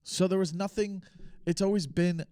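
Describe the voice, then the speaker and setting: A young man hosting his own podcast, thinking aloud in a rambling, unscripted way with pauses and restarts. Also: high-pitched, fairly even intonation, warm tone, clean tone, no room sound, clean studio sound. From United States. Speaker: podcast host. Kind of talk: casual solo podcast talk.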